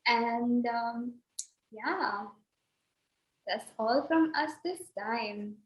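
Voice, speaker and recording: A woman's voice: fairly high pitch, extremely slow. A woman co-hosting a podcast, wrapping up in a casual, grateful, rambling way over a video call. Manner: warm, grateful, rambling with fillers. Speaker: podcast co-host. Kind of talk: casual wrap-up talk. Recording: echoey, dull lo-fi call audio.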